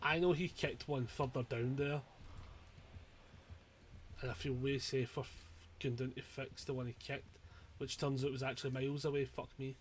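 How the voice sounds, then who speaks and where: A man giving live commentary on his own gameplay, swearing freely and breaking into panicked yells. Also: medium pitch, moderate pace, pauses often, a little hiss or hum. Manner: sweary, excitable, given to panicked yelling. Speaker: streamer.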